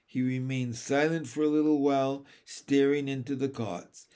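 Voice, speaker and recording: A man reading a children's story aloud in a gentle, measured narration. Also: mid-range voice, fairly even intonation, smooth. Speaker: reader.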